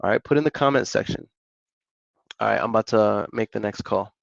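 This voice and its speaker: A man's voice: fairly low pitch, brisk, gravelly, no room sound, dull audio. A man, a real estate investor and coach, talking energetically on a live stream with casual slang and repeated motivational points. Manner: energetic, repetitive, hype-coach delivery; casual slang, chatty asides to viewers.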